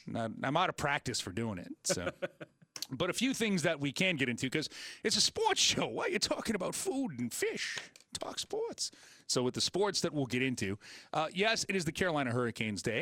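A man filling in as host on a sports talk radio show, joking and rambling with quick asides. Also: mid-range voice, fairly bright tone, dry recording.

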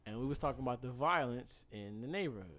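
A young man co-hosting a podcast, telling stories in casual chat, animated and swearing freely. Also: medium pitch, fast. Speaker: podcast co-host.

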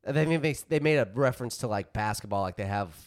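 A man's voice: mid-range voice, quick pace. Man, podcast co-host, casual sports chat, storytelling, laughs a lot.

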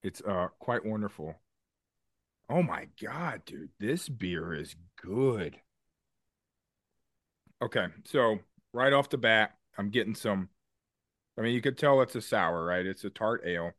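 Low-voiced, enthusiastic podcast co-host man. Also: lively intonation, normal speed, fairly bright tone, no echo, clean studio sound. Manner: enthusiastic, explains in detail, casual swearing. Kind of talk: casual chat.

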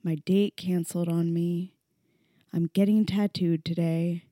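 A young woman hosting her own podcast, ranting candidly and emotionally with lots of swearing. She drops to a hush at times and imitates critics in a low, mocking voice. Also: steady tone, a little slow, no echo, studio quality. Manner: emotional and profane, swinging between hushed and loud. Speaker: podcast host. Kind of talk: candid solo podcast rant.

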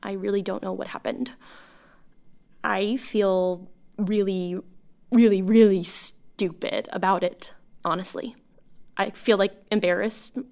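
A woman's voice: medium pitch, steady tone, creaky, a little mellow. Woman playing a rambling, anxious voicemail caller. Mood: apologetic. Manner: halting, rambling, self-conscious, nervous laughs. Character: lonely woman bartender leaving rambling voicemails to an old friend. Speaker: voice actor. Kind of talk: audio drama monologue.

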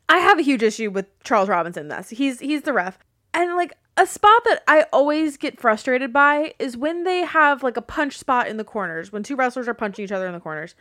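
Woman co-host, fairly high voice, blunt and animated, dry close mic. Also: dry recording. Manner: animated, blunt, swears freely, acts out quotes. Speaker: podcast co-host. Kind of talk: casual wrestling recap chat.

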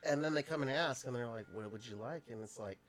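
A woman's voice: a bass voice, fast. A woman hosting a podcast, chatting casually with lots of laughter and fillers. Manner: laughing often, many fillers. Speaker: podcast host. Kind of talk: casual chat.

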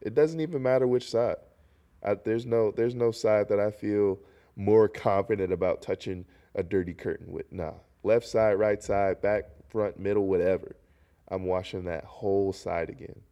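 A man's voice: lowish voice, moderate pace, dull audio. A young man from North Carolina hosting his own solo podcast, talking in a rambling, jokey way while congested. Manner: rambling, animated, jokey asides. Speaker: podcast host. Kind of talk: casual solo podcast monologue.

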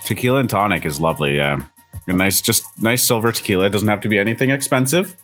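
A man's voice: fairly low pitch, quick pace, a bit bright, soft background music. A man co-hosting a casual live morning show, easygoing and chatty, a little tipsy. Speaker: co-host. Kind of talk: casual live-stream chat.

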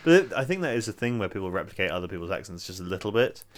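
A man's voice: low-pitched, very animated, rapid-fire, noisy background. A young man in casual podcast chat, hesitant and often repeating words as he searches for them. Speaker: podcast co-host.

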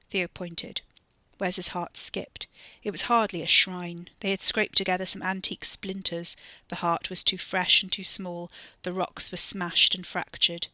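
A narrator and author reading a scripted horror story with steady, varied emphasis on a close mic. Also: mid-range voice, a little slow, dry recording.

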